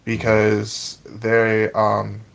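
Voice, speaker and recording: A man on a podcast, talking slowly and thoughtfully about a show, swearing casually. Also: lowish voice, completely flat delivery, creaky, a bit bright, rough recording. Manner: slow and measured, swears casually. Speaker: podcast co-host. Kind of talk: casual podcast review chat.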